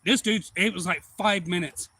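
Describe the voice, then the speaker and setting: Bright-voiced man telling stories. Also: high-pitched, normal speed, a little hiss or hum. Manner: rambling, excitable anecdote-telling. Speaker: livestream host. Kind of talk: casual storytelling.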